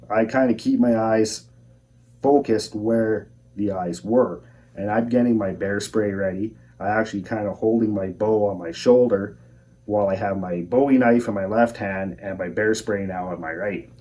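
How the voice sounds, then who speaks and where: A young man calmly telling his own outdoor encounter story in a measured, plain-spoken way. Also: on the low side. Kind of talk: first-person encounter storytelling. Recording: voice a bit far from the mic.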